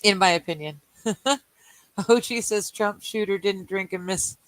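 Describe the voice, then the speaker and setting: A Canadian woman from British Columbia co-hosts a livestream game night, reading chat aloud and joking and laughing a lot as she plays cards. Her mid-range voice is fairly bright and moves at a measured pace. The recording is dry and poor in quality.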